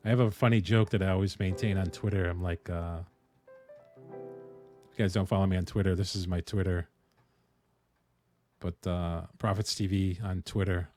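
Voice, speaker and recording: A man's voice: sits low, faint music behind. Laid-back male streamer from the Northeast US. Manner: relaxed, thanks viewers, thinks aloud with many "uh" pauses. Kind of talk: casual live-stream chat while coding.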